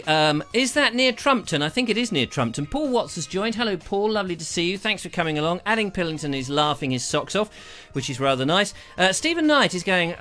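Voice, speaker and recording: Man, live show host, rambling jokes, animated, bright. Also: a little high. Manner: jokey, rambling, playful. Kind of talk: casual live-stream chat.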